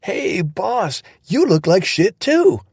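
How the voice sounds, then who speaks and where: A man voicing a wounded young male soldier who cracks jokes and talks excitably. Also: medium pitch, moderate pace, no echo, clean studio sound, pitched above the performer's own voice. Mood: joking, eager. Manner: wisecracking and excitable.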